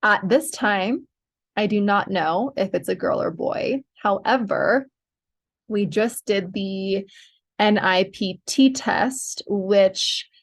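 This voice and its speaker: A woman's voice: mid-range voice, slow. A young woman chatting casually to her viewers about her pregnancy, talkative with lots of fillers and little laughs. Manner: chatty, many fillers, giggly. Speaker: podcast host sharing pregnancy updates.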